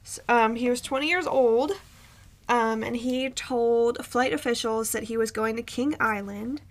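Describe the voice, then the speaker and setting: Gravelly high-voiced woman telling a story. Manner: rambling with frequent ums and restarts. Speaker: podcast co-host. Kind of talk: casual storytelling chat.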